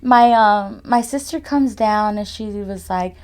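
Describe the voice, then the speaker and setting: A woman's voice: medium pitch, measured pace, a little mellow. A young woman giving a personal testimony as a podcast guest, talking casually with frequent "like" and "you know" fillers. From California.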